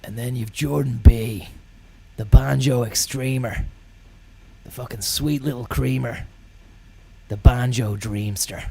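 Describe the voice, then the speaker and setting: A man, telling rambling deadpan comic stories full of swearing and trailing mumbles. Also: medium pitch, takes it slowly, gravelly, breathy edge. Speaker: comedian.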